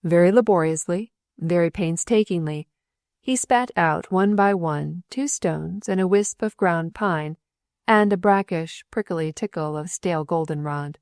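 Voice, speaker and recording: A woman narrating a novel as an audiobook, telling the story in an expressive, dramatic way. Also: lowish voice, a little slow, no echo, clean studio sound.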